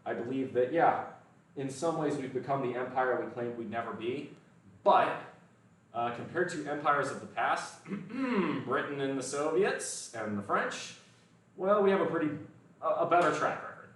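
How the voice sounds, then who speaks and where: A man's voice: mid-range voice, expressive, moderate pace, fairly bright tone, far from the mic. An American man hosting a casual fitness livestream, talking bluntly and swearing freely. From United States. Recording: echoey room, voice from off the mic.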